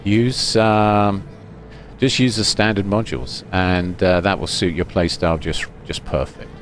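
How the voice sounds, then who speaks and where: A man giving relaxed, rambling voice-over commentary on his own gameplay, with fillers and restarts. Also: sits low, unhurried, soft background music. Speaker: gaming commentator.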